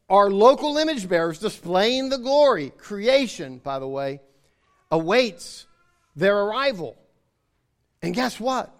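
A man whose voice sits high gives an emphatic sermon. Key phrases come back again and again to hammer his message, and he calls out for agreement from the people listening.

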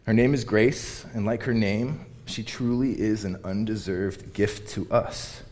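A man preaching a sermon in an earnest, emphatic way, repeating phrases for weight, and turning quiet and tender when he tells a personal story. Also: fairly low pitch, steady tone, measured pace. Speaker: pastor.

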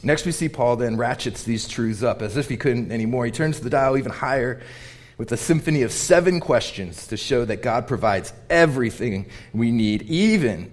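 A man preaching a sermon in an earnest, emphatic way, repeating phrases for weight, and turning quiet and tender when he tells a personal story. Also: mid-range voice. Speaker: pastor.

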